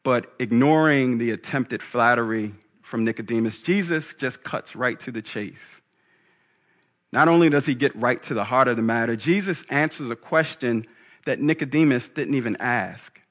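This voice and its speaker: A man's voice: medium pitch, normal speed, a bit bright, dull audio. A man preaching a sermon in a humorous, conversational way, laughing at his own jokes.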